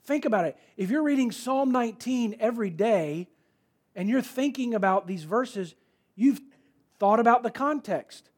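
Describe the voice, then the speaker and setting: A man's voice: very high-pitched, animated, moderate pace, breathy edge. A man preaching a sermon in a conversational, emphatic way, repeating key words for stress. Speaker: pastor.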